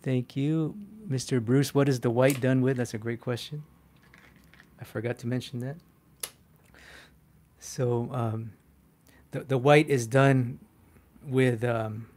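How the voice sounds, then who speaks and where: Man, art instructor on a live stream; chatty, animated, self-mocking, filler-heavy. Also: mid-range voice, takes it slowly, long pauses. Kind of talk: live-stream drawing demo, answering chat.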